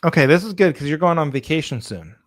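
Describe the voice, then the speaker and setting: Animated man on a comedy podcast. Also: fast talker. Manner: animated storytelling, acts out others' lines in a higher voice. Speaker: podcast co-host. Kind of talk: casual comedy podcast chat.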